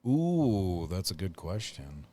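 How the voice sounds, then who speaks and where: Slow, rambling male podcast host. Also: low voice, big pitch swings, warm tone, dry recording. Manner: rambling, filler-heavy, laughs often. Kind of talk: casual podcast chat.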